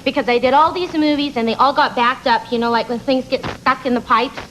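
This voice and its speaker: High-voiced chatty woman on a talk show. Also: fairly even intonation, a little fast, fairly bright tone, soft background music, poor audio. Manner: chatty, rambling, self-mocking. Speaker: actress guest.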